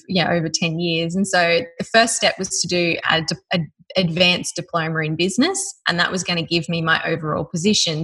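Husky, bright Australian woman. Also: lowish voice, poor audio. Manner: lively, laughs often while telling her story. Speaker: guest telling her story. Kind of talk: personal storytelling.

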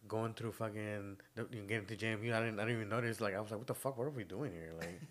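A man's voice: on the low side, quick pace, fairly bright tone. A young man co-hosting a podcast, telling rambling stories in casual chat with lots of slang and laughter. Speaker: podcast co-host.

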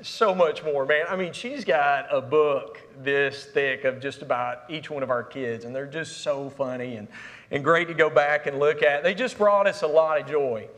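This middle-aged preacher's slightly high, fairly bright voice moves at normal speed as he humorously shares family stories, Southern "y'all" included. The sanctuary sounds like an echoey hall.

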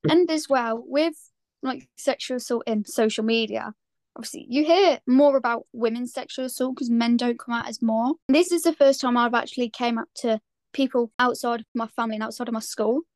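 A woman's voice: on the high side, fairly quick, a little mellow, no echo. A teenage girl speaking candidly in a casual podcast chat, full of "like". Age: teens. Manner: candid, earnest, lots of "like". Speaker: podcast guest.

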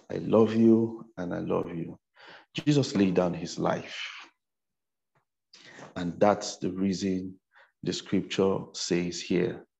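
A male preacher delivers a sermon in a very low, dark voice with a gravelly edge. He speaks slowly and repeats phrases for emphasis, often adding "amen". The recording sounds a little dull. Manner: repetitive, emphatic preaching with "amen" and "you know".

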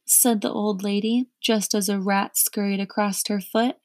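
A woman reads a children's storybook aloud at an unhurried, careful pace. Her mid-range voice comes across close and dry, with no room sound around it. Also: medium pitch, fairly even intonation, dry recording. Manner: slow, careful narration. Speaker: reader.

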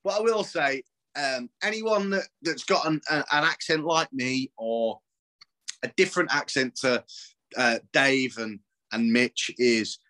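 A man's voice: medium pitch, a little slow, pushed and bright. A man, talking casually on a podcast, rambling, swearing and laughing often. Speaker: podcast guest.

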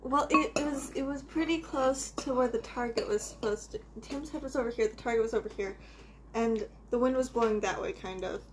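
A woman's voice: on the high side, a little fast, slight background noise. A young adult woman, a daughter, teasing her parents at the dinner table with a dry, giggly manner. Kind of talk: casual family chat.

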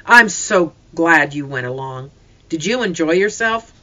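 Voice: mid-range voice, animated, measured pace, bright, forceful tone, muffled recording. A reader doing a tender farm mother. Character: farm mother, warm and emotional. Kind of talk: audiobook character voice.

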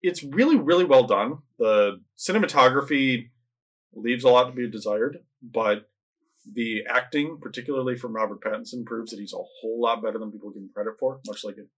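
A man talks loosely about films with friends, rambling through plots and slipping into quick acted-out lines. His voice sits in an ordinary middle pitch for a man. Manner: rambling, animated retelling of plots, acts out lines. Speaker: podcast co-host reviewing movies. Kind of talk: casual chat.

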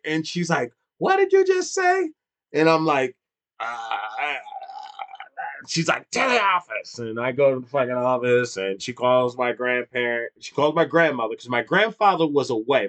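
A man's voice: medium pitch, fairly bright tone. A man in his thirties telling a funny childhood story in casual chat, swearing freely and laughing often. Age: 30s.

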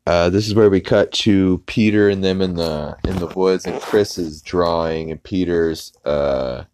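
A man hosting a podcast, recapping a cartoon episode in a rambling, halting way and loosely acting out the characters' lines. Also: low-pitched, steady tone, a little mellow, clear, resonant tone, dry recording. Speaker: podcast host.

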